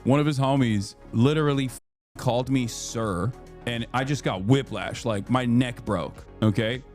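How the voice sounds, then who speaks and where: A man in his thirties chats on a live stream, telling stories in a lively, cursing, ranting way. His voice sits at an ordinary middle pitch, and faint music plays underneath. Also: moderate pace. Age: 30s. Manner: animated, profane storytelling, ranting. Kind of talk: casual live-stream chat.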